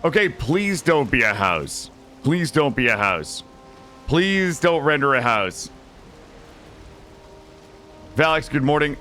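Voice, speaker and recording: A man's voice: medium pitch, very animated, takes it slowly, long pauses, pushed and bright, faint music behind. A young man live-streaming a video game, talking anxiously and dramatically to his chat as he plays.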